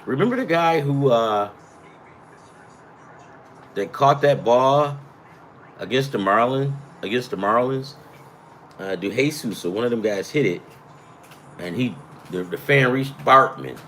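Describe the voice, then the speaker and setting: A man's voice: medium pitch, animated, unhurried, pauses often, a bit bright, a little hiss or hum. A man hosting a casual sports betting chat, rambling and profane, with self-deprecating asides. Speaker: sports betting picks host.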